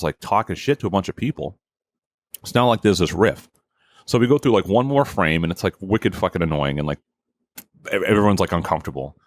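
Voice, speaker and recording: A man's voice: lowish voice, no echo. A man hosting a podcast, telling a story in a heated, profane way and acting out what people said. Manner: profane, heated, acts out quotes. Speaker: podcast host. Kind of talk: casual storytelling.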